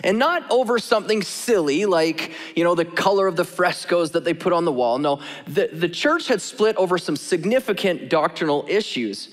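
A man preaching with a high, lively voice that rises and falls freely, casual and joking in tone. He speaks in a church sanctuary where a long hall reverb trails every phrase. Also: moderate pace, few pauses. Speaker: pastor. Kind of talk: sermon.

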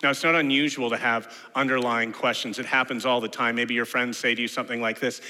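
Bright-voiced male pastor, echoing hall. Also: medium pitch, fast talker, hardly any pauses. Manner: animated storyteller who acts out quoted voices. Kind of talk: sermon.

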